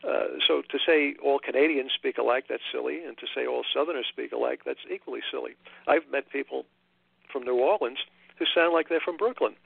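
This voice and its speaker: An older man from Long Island, an author being interviewed, talking in a halting way with many restarts and fillers. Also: medium pitch, creaky, slightly rough, no echo. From Long Island, New York. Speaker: author guest. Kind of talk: casual interview chat. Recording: tinny phone line.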